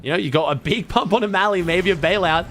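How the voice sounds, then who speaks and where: Fast-talking Australian caster. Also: male voice, high voice, a little hiss or hum. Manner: quick, animated, swears freely. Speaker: esports caster, host. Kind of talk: casual casting chat.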